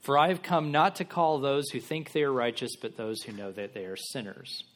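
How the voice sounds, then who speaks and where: A man's voice: medium pitch, normal speed, fairly bright tone. A man giving a sermon in a casual, conversational style, acting out biblical characters in everyday voices. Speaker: pastor.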